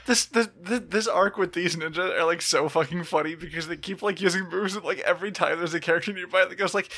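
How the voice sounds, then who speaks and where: A man with a bright, somewhat high voice chatting on a podcast. He reads out plot recaps dryly, then slips into sarcastic, casual banter. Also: fast, hardly any pauses. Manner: dry recaps, sarcastic asides. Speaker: podcast co-host. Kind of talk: casual chat and episode recap.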